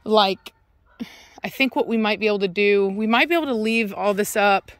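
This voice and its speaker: A woman from Texas who runs a dog kennel vlogs casually from her property, holding her phone and chattering loosely with plenty of "um" and "like." She breaks off now and then to shout for her dogs, speaking at a medium pitch and normal speed, with no room sound.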